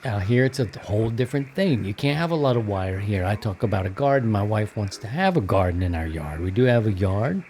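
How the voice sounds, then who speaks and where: A man's voice: on the low side, lively intonation, a little fast, few pauses, darkish tone, slight background noise. A middle-aged man hosting a radio hobby podcast, rambling along in easygoing, filler-heavy casual chat. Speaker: podcast host.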